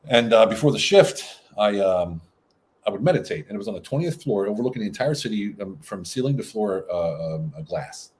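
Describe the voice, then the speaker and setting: A man, a guest in a casual conversation, telling stories in a lively, blunt and profane way. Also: lowish voice, a little fast. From United States.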